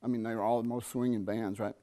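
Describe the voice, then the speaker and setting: A middle-aged man teaching jazz trumpet in a masterclass, animated, singing rhythms and checking in with students. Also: lowish voice. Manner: animated, sings rhythms and asks students quick questions. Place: university theatre.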